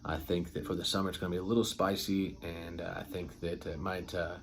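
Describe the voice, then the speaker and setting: Deep-voiced, rambling fragrance reviewer. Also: male voice, little pitch movement, fairly quick, a little hiss or hum. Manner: enthusiastic, rambling, lots of ums and filler words. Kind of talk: casual product review.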